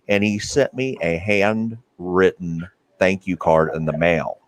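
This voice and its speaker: Deep-voiced male interview host. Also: unhurried, no echo. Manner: earnest, with frequent fillers and restarts. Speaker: podcast host. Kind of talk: interview conversation.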